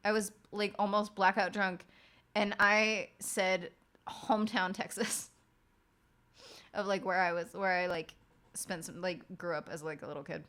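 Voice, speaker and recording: A woman's voice: on the low side, flat delivery, unhurried, sharp tone. A young woman streamer chatting casually and frankly late at night, swearing often and rambling through stories.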